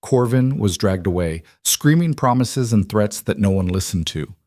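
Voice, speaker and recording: A man narrating a scripted fantasy story in a dramatic, steady way. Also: lowish voice, moderate pace, dry recording, studio quality.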